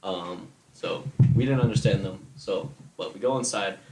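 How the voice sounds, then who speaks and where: A man recapping a tabletop game, hesitant and full of pauses. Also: sits low, vocal fry, mellow, faint music behind. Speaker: player. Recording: echoey room with faint noise.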